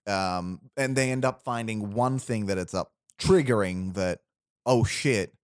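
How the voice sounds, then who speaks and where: Man, low voice, dry close sound, rambling storyteller among friends. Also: a little slow, dry recording. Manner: rambling, restarts, quotes characters in low voice. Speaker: storyteller pitching a movie plot. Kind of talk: casual chat.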